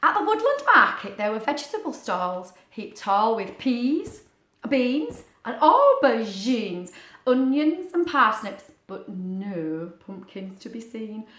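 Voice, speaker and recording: A woman's voice: a little high, very animated, slow pace. Playful woman reading a storybook aloud. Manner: playful, chatty asides to a puppet. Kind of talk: reading a picture book aloud with a puppet. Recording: roomy echo.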